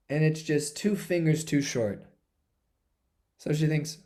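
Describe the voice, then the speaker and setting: A man's voice: on the high side, steady tone, measured pace. Man telling a devotional story. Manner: dramatic, swings from hushed to intense. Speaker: spiritual speaker.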